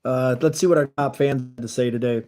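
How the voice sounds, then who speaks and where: A man's voice: mid-range voice, steady tone, fast talker, warm tone. A man hosting a casual livestream, talking earnestly and rambling as he reads and answers chat messages. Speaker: livestream host. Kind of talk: casual live-stream chat.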